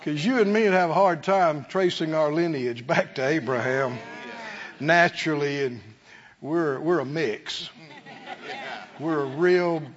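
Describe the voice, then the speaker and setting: A man preaching a fervent sermon to his church, swinging from quiet asides to shouted praise. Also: fairly high pitch, measured pace, dull audio. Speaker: pastor.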